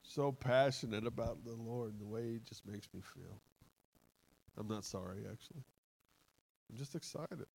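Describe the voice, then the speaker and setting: A man preaching a sermon in a church, impassioned and excitable, laughing as he goes. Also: mid-range voice, moderate pace, gravelly, pauses often, a little hiss or hum, low-quality recording. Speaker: pastor.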